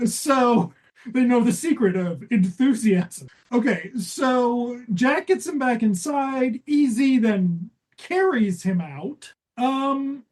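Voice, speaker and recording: Slow-talking, breathy-voiced sarcastic woman. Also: fairly high pitch, a little mellow. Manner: sarcastic, profane, quotes characters in put-on voices. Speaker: podcast co-host. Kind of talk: casual podcast chat recapping a TV episode.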